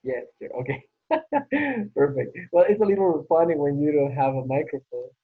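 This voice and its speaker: A man's voice: a little high, lively intonation, moderate pace, slightly rough. Man teaching an online class, tinny line. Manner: patient, repeats praise often. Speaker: English teacher. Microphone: video call. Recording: tinny phone-like call audio.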